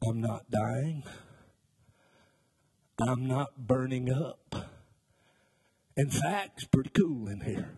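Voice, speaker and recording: A middle-aged man preaches in a folksy, storytelling way, slipping in jokes and acting out the people in his stories. His voice is husky and sits a little high for a man. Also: darkish tone. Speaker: pastor. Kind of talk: sermon.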